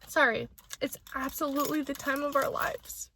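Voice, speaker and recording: Young adult woman, vlogger, casual chat to camera, somewhat high voice, candid and sentimental, lots of fillers. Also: pushed and bright, a little hiss or hum. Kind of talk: casual vlog talk to camera.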